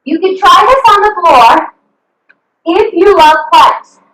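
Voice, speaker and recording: A woman's voice: extremely high pitch, expressive, slow pace, fairly bright tone. A woman fitness coach leading a live online workout, upbeat and encouraging, cheering her class on with whoops over a video call. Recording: echoey video call from a distant mic.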